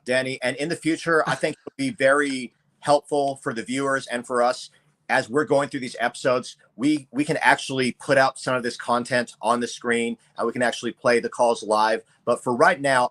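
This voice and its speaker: A middle-aged man co-hosts a true-crime podcast, laying out his views in a measured, deliberate way. His voice sits at an ordinary middle pitch. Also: a bit bright. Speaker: podcast co-host.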